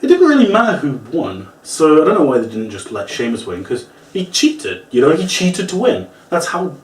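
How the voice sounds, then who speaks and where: In a casual, ranting review of wrestling, a man with a higher voice talks at a moderate pace, cursing frequently. He gets animated acting out moves and quoting lines, and he sounds distant from the microphone in a roomy space.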